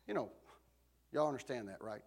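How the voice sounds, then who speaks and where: A male pastor, preaching a sermon as a dramatic story that swings between shouting and hushed tones. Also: medium pitch, animated, fairly quick, gravelly.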